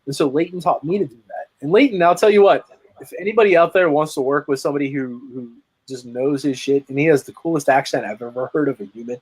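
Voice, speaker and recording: Man, husky voice, fairly high, energetic, emphatic, restarts often, video call guest. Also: fast, rough recording. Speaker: guest, lead generation marketer. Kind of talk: casual interview chat.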